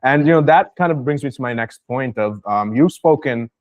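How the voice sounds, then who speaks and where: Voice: medium pitch, moderate pace, no echo, lo-fi sound. Attentive interview host, dry sound. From New York. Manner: attentive, with frequent affirming murmurs. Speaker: podcast host. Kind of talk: casual interview conversation.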